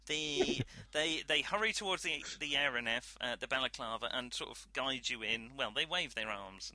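A man's voice: medium pitch, moderate pace, sharp tone. A man narrating as game master, hesitant with many ums.

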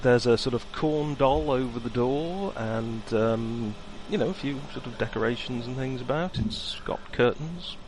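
A man's voice: medium pitch, measured pace, few pauses, noisy background. A man running a tabletop game as game master, wry and hesitant, with many ums.

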